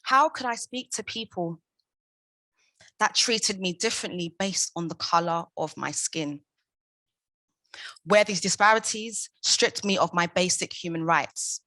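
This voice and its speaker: A young woman speaks at a conference in a low, forceful voice, pressing her points with passion and emphasis. The sound is close and dry, with no room around it. Her questions land hard and rhetorical. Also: unhurried, no room sound. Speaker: conference speaker, founder of a maternal support group. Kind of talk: prepared conference talk.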